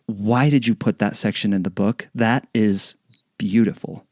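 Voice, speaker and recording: A man's voice: fairly low pitch, unhurried, a little mellow, no echo, clean studio sound. A man hosting a podcast interview, speaking in an earnest, careful way with hesitant restarts. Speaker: podcast host. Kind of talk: interview, reading a book passage.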